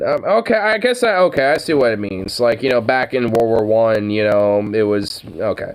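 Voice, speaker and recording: A man's voice: mid-range voice, lively intonation, normal speed, hardly any pauses. A man casually commenting on an old newspaper, rambling with lots of fillers, laughing and swearing.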